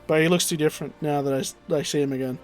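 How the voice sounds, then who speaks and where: High-voiced young man gaming casually. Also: fairly even intonation, very fast. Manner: casual, swearing, laughing, reads game dialogue aloud. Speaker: gaming streamer. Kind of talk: casual game commentary and dialogue reading. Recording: faint background music.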